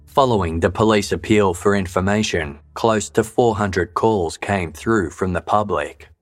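A man giving measured, sober scripted narration for a true-crime podcast. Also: deep voice, no echo. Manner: measured, even, sober delivery.

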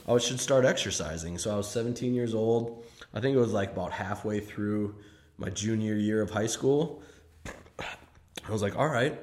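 A man's voice: mid-range voice, darkish tone. A man from Saint Paul, Minnesota, telling a personal story in a casual, rambling, self-mocking way, swearing freely and restarting his sentences often.

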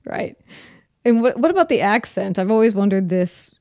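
A woman's voice: medium pitch, expressive, moderate pace, a little mellow, no room sound, studio quality. A woman from the United States hosting a podcast, asking curious questions with a self-deprecating touch. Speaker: podcast host.

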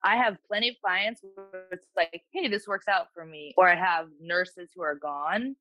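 A woman dog trainer giving casual, animated advice and acting out what dogs might be thinking. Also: fairly low pitch, normal speed, faint music behind, rough recording.

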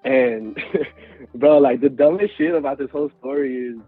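Give me a young man from Houston in his twenties, casual and slangy, with a husky voice and a dry sound. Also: medium pitch, normal speed, no room sound, narrow, tinny audio, faint music behind. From Houston, Texas. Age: 20s. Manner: slangy, swears a lot, many fillers. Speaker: guest storyteller. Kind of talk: casual storytelling.

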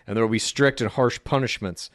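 A man co-hosting a comedy podcast, teasing his partner with deadpan jokes and laughing often. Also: mid-range voice, a little fast, dry recording, studio quality. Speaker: podcast co-host. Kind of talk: casual comedic podcast banter.

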